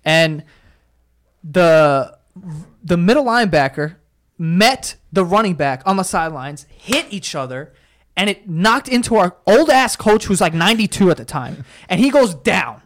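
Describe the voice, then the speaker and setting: A young man telling animated, profane stories in a casual chat, full of "yo" and "like.". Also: high-pitched, a little slow.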